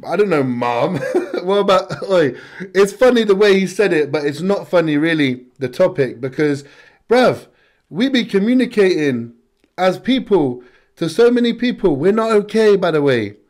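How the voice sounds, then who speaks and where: A man hosting a music reaction video, talking casually in slang with excited bursts of hype. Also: high-pitched, moderate pace. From United Kingdom.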